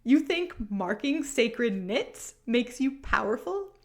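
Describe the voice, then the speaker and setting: A woman's voice: a little high, sing-song, slow pace, heavily acted. A woman voicing a stern, protective male judge who scolds in a mock-serious tone.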